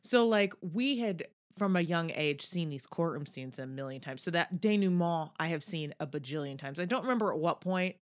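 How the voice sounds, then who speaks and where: A woman's voice: on the low side, animated, normal speed, hardly any pauses. A woman co-hosting a podcast in casual chat, wry and chatty with jokey asides. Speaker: podcast co-host.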